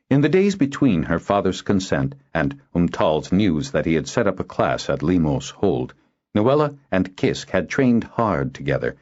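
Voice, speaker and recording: A man narrating a fantasy audiobook in a measured, expressive storytelling manner. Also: deep voice. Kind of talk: scripted narration. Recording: dull lo-fi audio.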